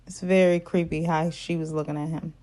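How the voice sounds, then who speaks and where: A woman's voice: deep voice, level tone, fairly quick, dark tone. Blunt, chatty woman recapping TV. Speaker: reality TV recap host. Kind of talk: casual recap vlog.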